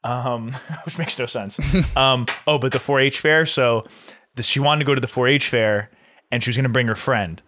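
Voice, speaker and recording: A man's voice: medium pitch, normal speed, pushed and bright, slight background noise. Young man in laid-back, laughing chat. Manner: laughs often, swears freely, tells stories with acted-out quotes. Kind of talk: casual chat.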